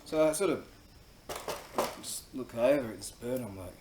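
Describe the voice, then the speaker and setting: Australian guy, crude rambling storyteller, mid pitch, echoey room with faint hum in the background. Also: animated, moderate pace, pauses often. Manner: rambling, crude and profane, many fillers, laughs at own story. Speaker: host. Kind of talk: casual storytelling monologue.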